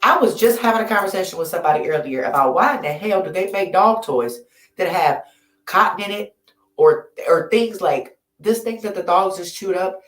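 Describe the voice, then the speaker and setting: A woman's voice: on the low side, lively intonation, normal speed. A woman hosting a late-night livestream from home, rambling, laughing and getting drowsy. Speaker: livestream host. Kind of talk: late-night casual chat. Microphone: laptop or phone mic. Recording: echoey room.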